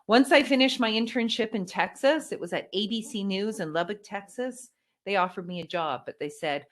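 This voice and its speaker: Lively Canadian woman giving a keynote. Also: medium pitch, brisk. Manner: lively storytelling, animated emphasis; polished broadcaster delivery. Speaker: keynote speaker. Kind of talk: motivational keynote speech.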